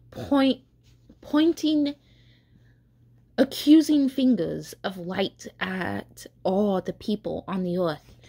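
A woman catechist reading a children's story aloud, slow and careful, with small stumbles. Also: medium pitch, warm tone, breathy edge.

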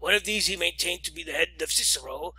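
Bright-voiced man reading a classic story. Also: on the high side, fast, breathy edge, poor audio. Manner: theatrical, occasional slips and restarts. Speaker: audiobook reader.

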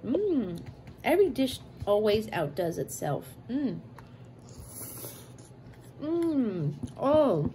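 A woman in her thirties talks unhurriedly through a home cooking session, playful and chatty, with cutesy made-up words. Steady noise hums behind her in the kitchen, and she paces her words slowly. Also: a little high, low-quality recording. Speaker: cooking vlogger. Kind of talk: casual cooking chat and eating.

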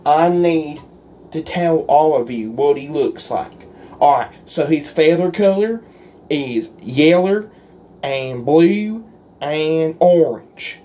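A man's voice: fairly high pitch, animated, slow, warm tone. A man doing a solo roleplay in a folksy, earnest and pleading way, as if talking to a gang of friends. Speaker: roleplay creator.

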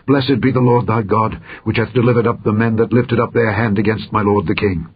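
A man's voice: fairly low pitch, steady tone, a little fast, breathy edge. A man voicing an eager young messenger who pleads to carry news, in a dull, lo-fi recording. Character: eager young male runner bearing news.

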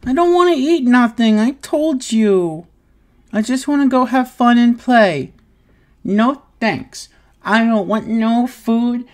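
A woman's voice: a little high, a little mellow. A woman voicing an adult who plays a clingy, stubborn childlike little boy in an audio role-play, whiny, pleading and giggly.

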